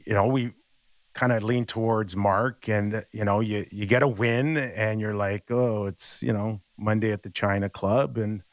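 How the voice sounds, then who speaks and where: A man's voice: fairly low pitch, unhurried, no echo. A man in his fifties, a former hockey player, telling stories in a casual chat and acting out the quotes. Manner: animated storyteller acting out quotes.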